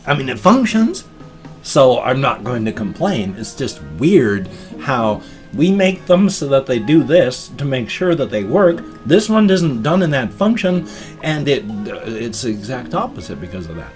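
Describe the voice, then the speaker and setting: A man's voice: mid-range voice, sing-song, measured pace, faint music behind. A tired man in his fifties rambling through a casual vlog, explaining things at length with restarts. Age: 50s. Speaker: vlogger.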